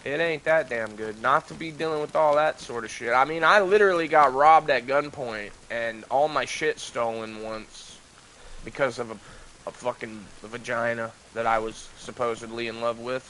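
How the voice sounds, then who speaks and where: Chatting during his gaming livestream, this young man from the United States rambles and swears a lot in a loose, casual way. He speaks at a medium pitch with fairly even intonation and a moderate pace, sounding pushed and bright, though the audio is poor with slight background noise.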